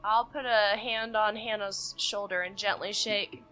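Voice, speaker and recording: A woman's voice: mid-range voice, fairly even intonation, unhurried, pushed and bright, faint music behind. A woman playing in a tabletop role-playing game, chatting casually with giggly asides. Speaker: player.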